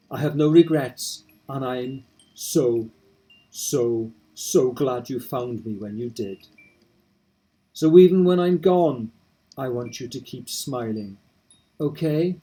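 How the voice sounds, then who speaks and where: A man reading aloud as a dying young woman who gently forgives her husband, soft and pleading. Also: medium pitch, lightly acted. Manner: soft, pleading, slowing into hushed lines. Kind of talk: reading game dialogue aloud.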